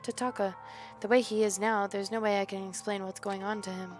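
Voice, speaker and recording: A woman's voice: medium pitch, little pitch movement, a little fast, soft background music, lightly acted. Woman reading a distraught young student, subdued, pleading.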